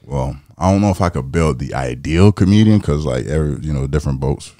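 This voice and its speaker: A man's voice: very deep voice, expressive, brisk, dark tone, dry recording, studio quality. A man, a guest comedian, chatting casually on a podcast in a laid-back, confident way with casual swearing.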